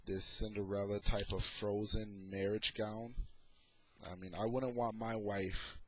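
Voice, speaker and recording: A middle-aged male vlogger with a lowish, level voice comments on photos and his own troubles. He speaks casually and sarcastically, slow and deliberate.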